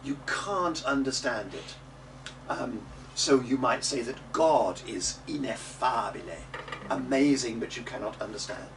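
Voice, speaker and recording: A man's voice: mid-range voice, fairly bright tone. Distant man coaching diction, noisy room. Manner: demonstrative, models words slowly for the group to repeat; chatty asides with little jokes. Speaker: early music teacher. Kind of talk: coaching a class in Italian diction. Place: classroom or rehearsal room.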